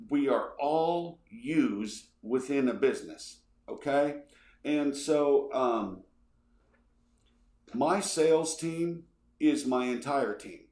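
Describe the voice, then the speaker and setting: A man's voice: mid-range voice, echoey room. A man hosting a podcast, answering listener questions in a casual, rambling way, often repeating himself and checking in with "okay". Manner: energetic, repeats words, says okay a lot.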